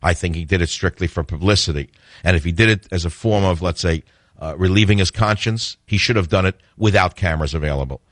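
Deep-voiced blunt man hosting a radio call-in show. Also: fast talker, fairly bright tone, no echo, studio quality. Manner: blunt, opinionated, chuckles often. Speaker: radio talk show host.

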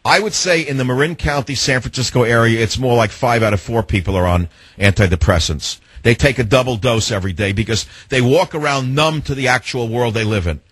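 Sarcastic husky-voiced talk radio host man. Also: medium pitch, fairly quick, fairly bright tone, no room sound. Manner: sarcastic, combative, lecturing. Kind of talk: talk radio taking calls.

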